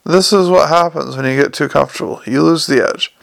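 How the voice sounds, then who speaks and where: A quick-witted male con man, sarcastic and increasingly flustered, as a male audiobook narrator plays him. The voice is gravelly and slightly high, heard dry and close. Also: no echo. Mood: exasperated.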